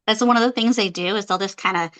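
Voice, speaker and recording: A woman's voice: medium pitch, quick pace, a bit bright, poor audio. A woman guest on a podcast, chatting casually about a film in a wandering way that trails off. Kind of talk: casual film-discussion chat.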